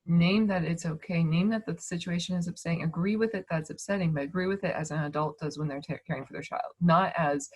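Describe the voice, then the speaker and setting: Soft-spoken woman teaching over a video call. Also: fairly low pitch, fast talker, few pauses, slightly rough. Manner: gentle, reassuring, thinks aloud with restarts. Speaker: speaker on emotions and manifestation.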